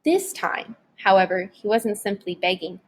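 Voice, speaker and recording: A woman narrating a novel chapter aloud in a dramatic, expressive audiobook reading. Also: medium pitch, normal speed, a little hiss or hum. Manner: dramatic, varied storytelling delivery.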